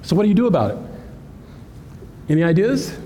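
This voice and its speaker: A man giving an animated, joking cybersecurity presentation at a live conference, talking straight to the audience. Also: high-pitched, brisk, slight background noise. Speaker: cybersecurity speaker. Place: conference hall. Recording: hall reverb with faint ambience.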